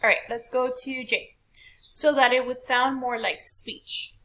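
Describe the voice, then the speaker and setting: A woman's voice: high-pitched, fairly even intonation, unhurried, bright, forceful tone. A woman teacher walking a class through a poetry question, patient and step by step, asking rhetorical questions. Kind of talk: recorded classroom lesson.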